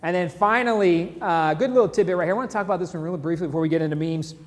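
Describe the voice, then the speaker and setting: Casual, jokey male stream host; high voice, reverberant room. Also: rapid-fire. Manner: chatty, jokey, laughs at memes. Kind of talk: casual live-stream commentary. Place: San Antonio, Texas.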